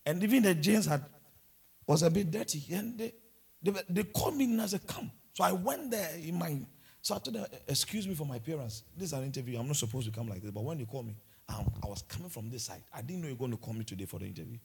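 A man preaching a sermon, telling personal stories with lively, stammering restarts. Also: fairly high pitch, fast talker, vocal fry, breathy edge.

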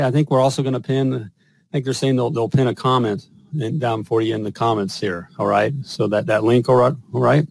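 A man's voice: medium pitch, steady tone, a little fast, vocal fry, dry recording. Emphatic male host, dry close sound. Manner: emphatic, repeats "all right?" and "you know". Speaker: podcast host and business coach. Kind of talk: host conversation and spoken sponsor pitch.

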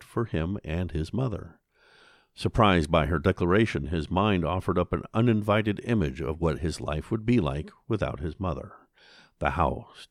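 Male audiobook narrator, very low and gravelly, measured delivery, dry close mic. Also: no echo.

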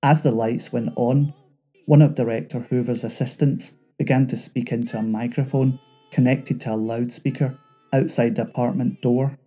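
A man reading a scripted true-crime narration in a measured, dramatic way. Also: medium pitch, steady tone, warm tone, husky, faint music behind.

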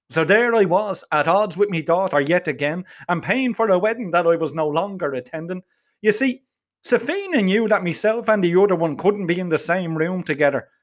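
A middle-aged storyteller narrates a comic tale in a gruff, blunt manner, swearing plenty along the way. His voice sits high for a man and swings widely up and down as he tells it.

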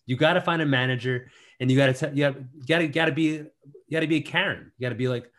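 A man co-hosting a podcast in casual chat, playful and quick with puns and repeated gag phrases. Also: mid-range voice, fairly bright tone. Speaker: podcast co-host.

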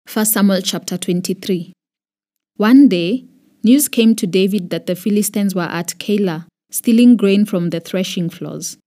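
Kenyan woman reading scripture, mellow. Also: medium pitch. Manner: measured, expressive reading. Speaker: Bible reader.

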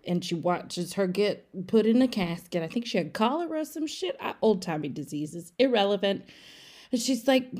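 A woman's voice: medium pitch, expressive, moderate pace, darkish tone. Woman, casual podcast recapper, irreverent and chatty, salty language. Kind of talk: casual comedic movie recap.

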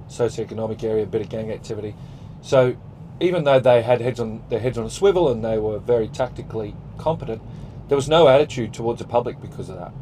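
A man's voice: lowish voice, dark tone, a little hiss or hum, poor audio. A man with an Australian accent, co-hosting a podcast in casual chat, talking in an earnest, reflective way. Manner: earnest, reflective, praises at length. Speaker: podcast co-host.

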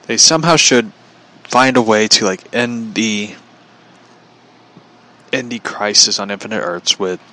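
A man's voice: fairly low pitch, a little slow, long pauses, sharp tone. A young man chatting casually on a livestream, rambling, often chuckling and reading out viewer comments. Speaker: vlogger.

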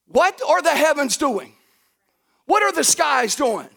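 Man, pastor, sermon, very high voice, lively swings in pitch, folksy, shouts at peaks. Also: takes it slowly, gravelly. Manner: animated preaching, rising to shouts at high points; folksy, addresses the congregation directly.

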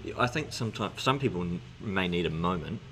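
A man's voice: deep voice, lively intonation, brisk, sharp tone, faint music behind. A man co-hosting a casual faith discussion, earnest and agreeable, often saying yeah and restarting his phrases. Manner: earnest, agreeable, many fillers.

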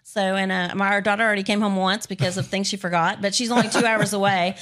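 A woman's voice: mid-range voice, fairly even intonation, fast talker, a bit bright. A woman in her fifties from Texas, chatting as an interview guest, laughing often and teasing herself. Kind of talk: casual interview chat.

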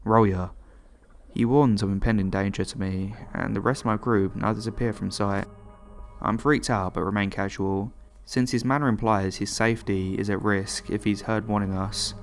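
Low-voiced man narrating horror stories. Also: fairly even intonation, normal speed, faint music behind. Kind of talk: scripted horror story narration.

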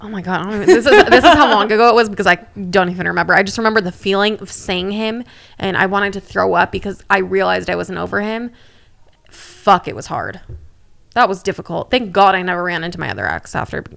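A woman's voice: mid-range voice, expressive, quick pace, creaky, fairly bright tone. A woman co-hosting a casual podcast chat, speaking candidly and frankly. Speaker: podcast co-host.

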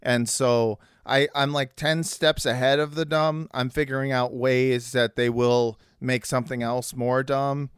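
A man rambling through a casual, comedic chat, full of fillers and quick laughs. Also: mid-range voice, flat delivery, clear, resonant tone, no echo, studio quality.

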